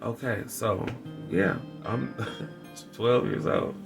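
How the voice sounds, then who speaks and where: A man vlogging a candid personal story with wry dark humor, rambling and repeating his phrases. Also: on the low side, slow pace, gravelly. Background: background music.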